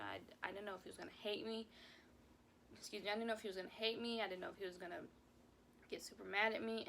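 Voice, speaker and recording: A young woman with a creaky, gravelly edge shares a personal story in a casual vlog. She talks in an emotional, rambling way, circling back over her words. A faint hum sits behind her voice. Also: medium pitch, fairly bright tone. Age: young adult. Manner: emotional, rambling, repeats herself. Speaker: vlogger.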